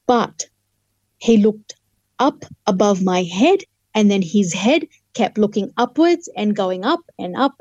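A woman's voice: mid-range voice, a little mellow, no echo, dull audio. A middle-aged woman, a lawyer and interview guest, vividly telling a personal testimony and acting out what people said. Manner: vivid storyteller who acts out dialogue. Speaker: guest, human rights lawyer.

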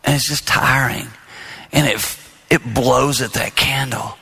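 A man's voice: mid-range voice, steady tone, unhurried, gravelly, pushed and bright, slightly rough, long reverb tail. A middle-aged man preaching on marriage, telling stories with self-deprecating humor that turn earnest. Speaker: marriage speaker and minister. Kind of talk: storytelling sermon.

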